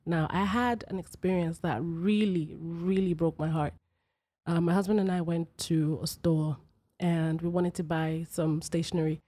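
A woman's voice: on the low side, steady tone, normal speed, warm tone, dry recording. A woman from Nigeria hosting a personal podcast, talking emphatically and repeating phrases for effect. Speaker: podcast host.

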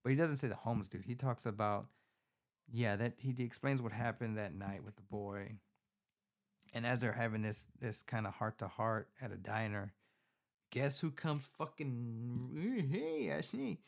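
A man's voice: fairly low pitch, moderate pace. Profane, rambling man recapping a movie. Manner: profane, rambling, animated storytelling. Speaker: podcast host. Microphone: phone.

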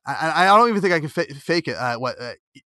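A man's voice: a little high, lively intonation, fast talker, pushed and bright, no echo, clean studio sound. A man with a Philadelphia accent hosting a casual interview, rambling with many fillers and restarts, with a slightly nasal O. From Philadelphia area. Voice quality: nasal O vowel. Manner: rambling, many fillers and restarts, laughs while telling stories. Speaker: podcast host.

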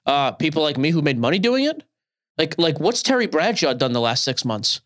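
A man's voice: on the high side, big pitch swings, fairly quick, a bit bright. A man in his thirties co-hosting a podcast, ranting and opinionated in casual chat. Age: 30s. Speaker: podcast co-host.

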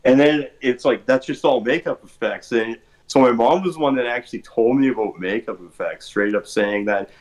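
A man's voice: mid-range voice, fairly even intonation, brisk, few pauses, low-quality recording. A man chatting casually on a podcast, rambling with lots of filler words. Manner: rambling, many fillers like "like" and "or whatever". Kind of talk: casual chat.

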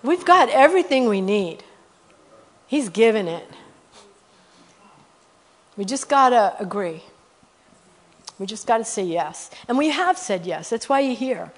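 A middle-aged woman guest preacher telling testimony stories in a sermon, animated and rising to loud exclamations. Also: on the high side, unhurried, pauses often.

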